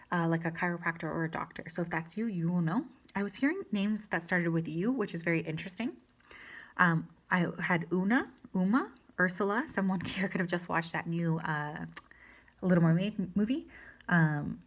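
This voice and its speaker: A woman giving a pick-a-card tarot reading, talking in a gentle, reassuring and chatty way, with fillers. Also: lowish voice. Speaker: tarot reader.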